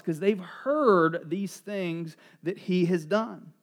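Animated middle-aged pastor, high voice. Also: male voice, takes it slowly, hardly any pauses. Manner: animated and joking, acts out voices of townspeople. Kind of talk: sermon.

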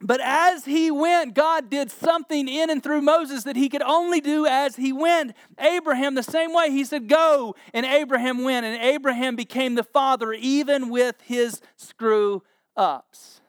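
Speaking in a very high-pitched voice at an unhurried pace, this pastor in his forties is recorded dry in a clean studio. His sermon retells scripture stories with jokes and animated character voices.

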